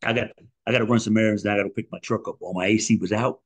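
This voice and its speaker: A man's voice: lowish voice, fairly even intonation, very fast. A man hosting a men's prayer call, chatting loosely and joking, often ending lines with "man.". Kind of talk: casual chat. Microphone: group call audio.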